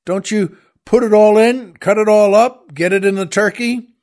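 A man's voice: high-pitched, normal speed, a little mellow. A middle-aged man hosting a show, talking in a casual comedic monologue that turns into exasperated, joking rants. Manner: ranting, exasperated, jokey. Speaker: show host.

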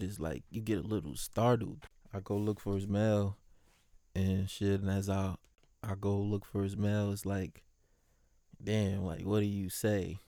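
A man's voice: lowish voice, warm tone, no echo, studio quality. A man who works as a postal clerk, casually telling stories from his workday, swearing freely and mimicking the people he describes.

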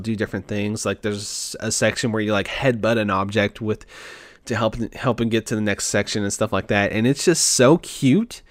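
A man's voice: medium pitch, dry recording. A man hosting a podcast in casual chat, talking enthusiastically in a rambling, slangy way.

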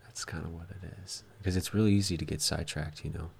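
Man, very low voice, gravelly fry, laid-back drawl, faint background hiss. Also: steady tone, fast talker. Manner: laid-back, trailing off with fillers. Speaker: guest musician. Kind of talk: casual podcast chat.

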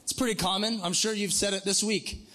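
Male pastor, high voice, chatty and joking, preaching live to a congregation. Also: brisk. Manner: conversational, joking, animated. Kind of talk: sermon. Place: church in Northwest Montana.

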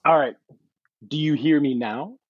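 A man's voice: fairly high pitch, unhurried, slightly rough, no echo, muffled recording. A man joining a show as a guest, chatting in a friendly, easygoing way. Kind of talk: casual chat.

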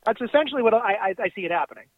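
A man with a high voice rants excitably about wrestling, swearing as he goes. He is calling in from his car, and his voice comes over a tinny, dry phone line. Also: rapid-fire, no room sound. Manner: excitable, ranting, profane. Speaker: wrestling podcast co-host. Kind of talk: casual chat.

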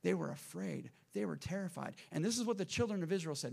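High-voiced preacher with dramatic swings. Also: male voice, expressive, quick pace, vocal fry, breathy edge. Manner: dynamic preaching, swings between loud emphasis and hushed lows. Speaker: pastor. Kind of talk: sermon.

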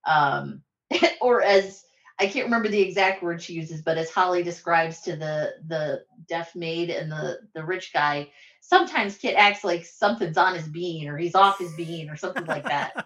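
A woman guest on a podcast talks through a film in a thoughtful, measured way, her voice low for a woman. Her audio is dull and lo-fi. It also sounds roomy, as if recorded in an echoey space. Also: fairly bright tone. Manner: thoughtful, measured, uses "like" and "I think". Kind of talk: casual film discussion.

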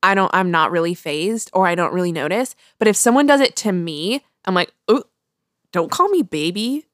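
A woman's voice: fairly low pitch, fairly quick, no room sound, clean studio sound. A young woman co-hosting a podcast, chatting candidly and laughing often. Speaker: podcast co-host. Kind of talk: casual chat.

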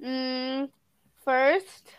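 Higher-voiced woman with offhand jokes. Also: fairly even intonation, drawn-out words, clear, resonant tone. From Egypt. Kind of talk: casual chat.

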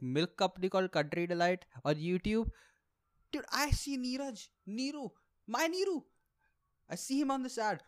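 Young man, comedic podcast rant, very lively pitch, clear voice, profane. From India. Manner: animated, swearing, jumps into mock voices. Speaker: podcast host, stand-up comedian.

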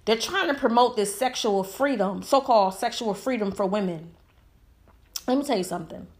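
A woman's voice: medium pitch, lively intonation, moderate pace. A woman giving a heated, emphatic opinion monologue full of rhetorical questions. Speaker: commentator.

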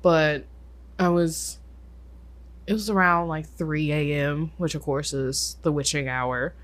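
A young adult podcast co-host telling stories in a casual chat, full of filler "likes" and sudden quick bursts. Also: mid-range voice, steady tone, fairly bright tone.

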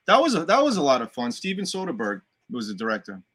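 A man from Boston with a light, worked-down local accent, talking in an easy, animated way. His voice rings bright and forward. He swears freely as he tells stories. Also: mid-range voice, fast talker. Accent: Boston, softened. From Dorchester, Boston. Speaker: guest actor. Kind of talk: casual podcast chat.

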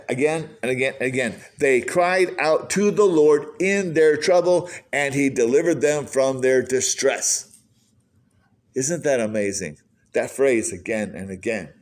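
A pastor preaching an earnest sermon, asking the listeners question after question. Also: male voice, medium pitch, darkish tone.

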